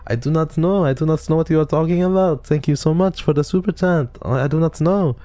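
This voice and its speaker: A man's voice: a little high, brisk, dark tone, no echo, pitched above the performer's own voice, natural voice. A man putting on a male streamer who fakes a stiff, over-formal French accent. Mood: mock polite.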